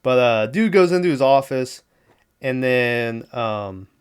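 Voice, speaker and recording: Profane, laid-back man with a smooth voice. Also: mid-range voice, animated, takes it slowly. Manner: loose, profane, laughs often, lots of fillers. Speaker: podcast host. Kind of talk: casual solo movie recap.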